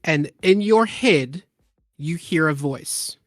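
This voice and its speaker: A man's voice: fairly high pitch, lively intonation, dry recording, studio quality. A man narrating as game master of a tabletop role-playing game, loose and full of fillers. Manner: loose, filler-heavy narration with quick voiced asides.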